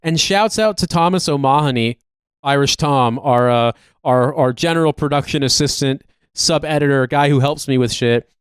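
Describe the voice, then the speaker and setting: Speaking at a normal speed in a smooth mid-range voice, a US man co-hosts a podcast in loose, profane, "like"-heavy chatter. The recording is dry and studio-clean.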